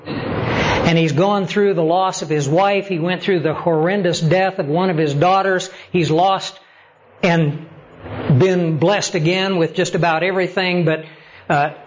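High-voiced preacher, lo-fi sermon recording. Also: male voice. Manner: storytelling, builds to animated emphasis. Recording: slightly dull lo-fi sound with faint noise.

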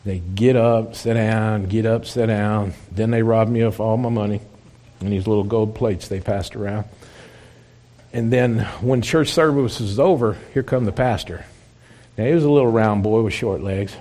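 A man's voice: lowish voice, warm tone. A man, a former biker, telling his testimony in a folksy, plainspoken way and acting out the dialogue. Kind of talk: storytelling testimony.

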